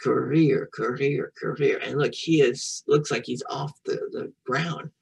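A woman's voice: extremely low pitch, steady tone, unhurried, creaky, husky, distant mic, rough recording. A woman reading a picture book aloud to a young child, patiently repeating French words and encouraging the child to say them back. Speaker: children's storyteller and French teacher.

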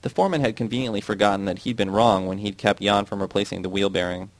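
A man reading a novel aloud in a steady, measured way. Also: on the low side, no room sound. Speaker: audiobook reader.

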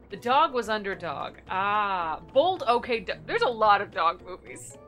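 A woman's voice: mid-range voice, very animated, a little slow, fairly bright tone, soft background music. A young woman streaming a game, chatting casually with viewers, giggly and thinking aloud. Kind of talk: casual gameplay chat.

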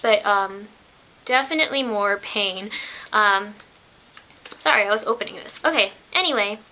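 A young woman with a high, bright voice chats excitably in a casual vlog. She tells stories in a loose, talkative way while opening her mail in a room. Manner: chatty, excitable, storytelling. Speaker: vlogger. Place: indoors in a room.

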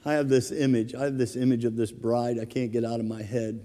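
A middle-aged man preaching a sermon from the pulpit, his voice mellow and dark in tone. He tells stories animatedly and chuckles as he goes, with a long hall reverb trailing every phrase. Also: medium pitch, fairly quick, few pauses. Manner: storytelling, animated, chuckles through anecdotes. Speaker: pastor. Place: church sanctuary.

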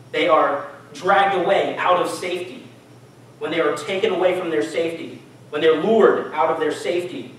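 Male preacher, chatty sermon, slightly higher voice, heard from far off in a church. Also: a bit bright. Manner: casual, conversational preaching with audience questions. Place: church hall. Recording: echoey church hall, mic from far off.

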